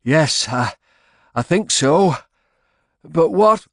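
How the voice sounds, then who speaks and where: Narrator putting on shaky polite old man, bit higher voice, dry audiobook. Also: expressive, drawn-out words, vocal fry, dry recording, exaggerated voice. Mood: shaken. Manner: shaky, courteous. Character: old shaken gentleman, courteous.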